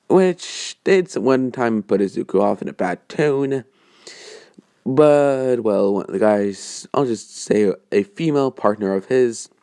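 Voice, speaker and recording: Low gravelly guy rambling thru a made-up fan story, lots of um and well, dry recording. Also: a little mellow, no echo. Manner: rambling, hesitant, many fillers and self-corrections. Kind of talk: casual improvised storytelling.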